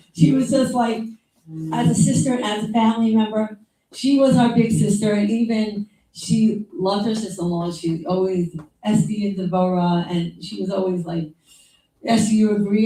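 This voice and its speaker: A woman's voice: mid-range voice, warm tone. A woman giving informal memorial remarks as a younger sister, talking in a rambling, conversational way full of asides and quoted lines. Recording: echoey room from some distance.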